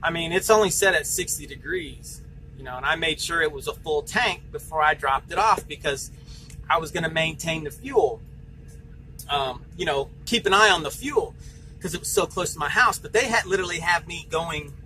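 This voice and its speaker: A man's voice: on the high side, moderate pace, sharp tone, faint music behind, poor audio. A man working as a truck driver, venting angrily in a vlog, swearing and retelling heated phone calls.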